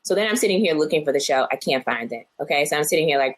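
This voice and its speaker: A woman's voice: low-pitched, animated, very fast. A woman co-hosting a casual podcast chat, telling stories and acting out her own thoughts in quotes. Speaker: podcast co-host.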